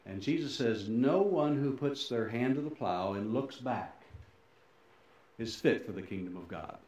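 A middle-aged male pastor giving a sermon, swinging between loud emphasis and soft, low endings, with folksy, self-deprecating asides. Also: animated, measured pace, lo-fi sound. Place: church sanctuary. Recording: very echoey church hall.

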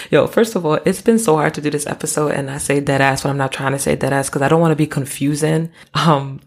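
A young adult woman hosting a podcast, explaining things in a relaxed, conversational way with casual slang and asides. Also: low-pitched, vocal fry. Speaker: podcast host.

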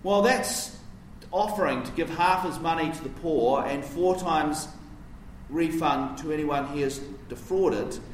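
A man's voice: fairly high pitch, unhurried, slight background noise. A man preaching a sermon in a conversational, explanatory way, posing questions to his listeners. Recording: roomy, distant mic, faint ambience.

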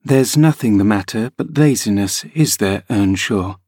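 A man's voice: fairly low pitch, a little slow, darkish tone, no echo, clean studio sound. Brief: man voicing a spiteful sickly teen boy, prim sneer, near the reader's own voice. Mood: taunting. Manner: taunting and prim.

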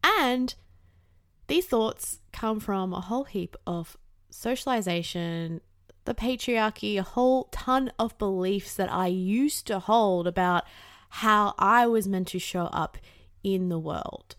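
A young woman hosts her own podcast in a loose, chatty monologue. She swears freely and scatters fillers through her talk, and her pitch sits in the middle. The recording is dry and close. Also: takes it slowly, no room sound. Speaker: podcast host. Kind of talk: casual monologue.

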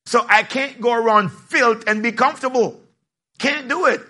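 A man preaching a sermon in a lively, plainspoken way, joking with his congregation and rising to shouts. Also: very high-pitched, moderate pace, husky. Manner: plainspoken, casual phrasing. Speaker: pastor.

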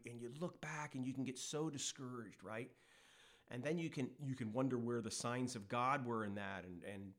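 A male pastor delivering a conversational sermon that builds to emphatic, animated bursts when he voices God. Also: medium pitch. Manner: conversational preaching, rising to emphatic peaks when quoting God.

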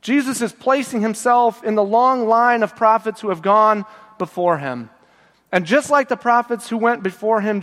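A middle-aged male pastor preaching a sermon, reading scripture with feeling and slowing to a low, soft close at the end of phrases. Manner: slows and drops low at phrase ends. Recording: long church reverb.

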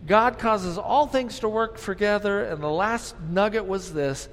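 A man's voice: sits high, measured pace, a bit bright, in a large hall. A man in his fifties preaching a sermon, earnest and full of rhetorical questions. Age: 50s. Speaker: pastor.

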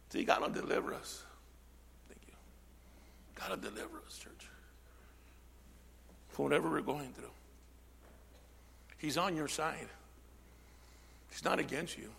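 High, gravelly male preacher in hall. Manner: swings from shouting to near whisper; peppers speech with amen and call-and-response. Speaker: pastor. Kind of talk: sermon. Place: church sanctuary.

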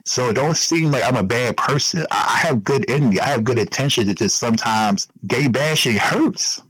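A man's voice: mid-range voice, expressive, moderate pace, fairly bright tone, slightly rough, no echo, poor audio. A man giving an emotional personal interview, talking earnestly and repeating himself for emphasis.

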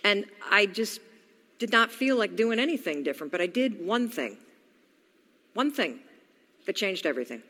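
A motivational speaker in her forties shares her own story, acting out her inner dialogue in a mid-range, sharp-toned voice. She speaks at a normal speed with big pitch swings and frequent pauses, and the recording has long hall reverb.

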